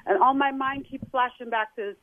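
A woman's voice: high-pitched, no room sound. Tearful woman on a tinny phone line. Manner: tearful, halting. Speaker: caller. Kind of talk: emotional phone-in account. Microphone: telephone.

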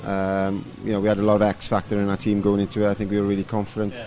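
A man in his thirties, a rugby coach, answering interview questions in a relaxed, rambling way with lots of fillers. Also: lowish voice, rapid-fire. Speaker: rugby coach and former player.

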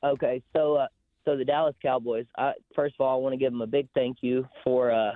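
A man's voice: mid-range voice, flat delivery, a little fast. A man with a Southern US accent calling in to a radio show, telling a folksy story. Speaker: caller. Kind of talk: call-in trash talk. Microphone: phone. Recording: tinny phone line.

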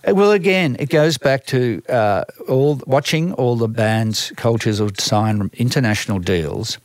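A man's voice: mid-range voice, unhurried, no room sound, studio quality. An older man with an Australian accent, a music manager telling long stories in an interview, with many restarts and repeated words. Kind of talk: storytelling interview.

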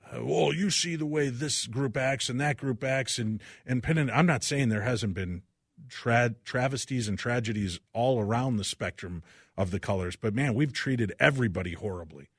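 A middle-aged man hosting a talk radio show, speaking with passion that swings from loud outbursts to quiet reflection, into a studio microphone. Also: on the low side, no room sound.

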